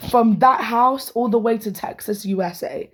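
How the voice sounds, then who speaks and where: A young woman tells a personal story to camera in a heated, profane rant. She is hoarse from losing her voice and often restarts her sentences. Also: fairly high pitch, moderate pace, fairly bright tone.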